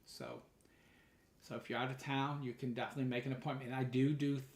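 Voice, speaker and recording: A man's voice: mid-range voice, flat delivery, quick pace, reverberant. A man hosting a live podcast, chatting casually and telling stories with lots of restarts. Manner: chatty storytelling with many restarts. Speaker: podcast host and medium. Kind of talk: casual live-stream chat.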